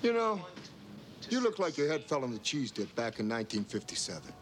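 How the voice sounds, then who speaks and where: An actor playing a blunt, gruff male drifter, delivering insults in a deadpan way. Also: mid-range voice, fairly quick, slight background noise, close to an everyday voice. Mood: deadpan insulting.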